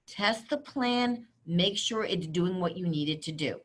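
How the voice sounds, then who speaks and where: A middle-aged woman presenting a webinar, her voice sitting a little low. She talks in brisk, direct instructions, laying out practical advice point by point. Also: lively intonation. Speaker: webinar speaker on cybersecurity.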